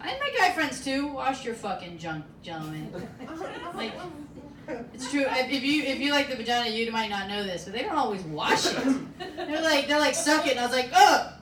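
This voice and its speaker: An American woman in her late thirties works a comedy club crowd with a brash, swearing, confiding stand-up set. Her voice sits on the high side. It comes from a little way off the mic in an echoey room full of audience noise. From Alaska, USA. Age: 30s. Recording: roomy club sound from a distance, audience audible.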